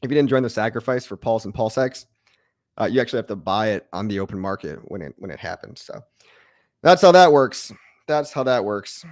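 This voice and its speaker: A man hosting a crypto livestream, talking casually to his chat in an excitable, brash way, mocking critics and repeating his lines for emphasis. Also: lowish voice, quick pace, dry recording, clean studio sound. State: out of breath. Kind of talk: live-stream chat reacting to viewers.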